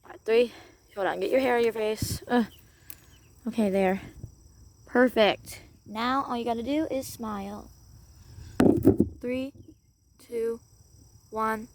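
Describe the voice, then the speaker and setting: A woman narrating a playful doll role-play in an excitable voice, gasping and exclaiming as she goes. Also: on the high side, slow pace, long pauses, background noise.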